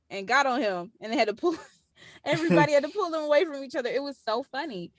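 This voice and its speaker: A woman's voice: high-pitched, fast, dry recording, studio quality. A woman with a Southern US accent co-hosting a podcast, recapping a show in casual chat and acting out quotes as she tells them. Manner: lively storyteller acting out quotes. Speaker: podcast co-host.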